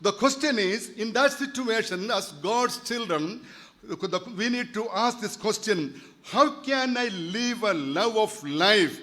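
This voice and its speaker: A man's voice: high voice, animated, takes it slowly, pushed and bright. A man, preaching a church sermon earnestly and repeating key phrases for emphasis. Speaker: pastor.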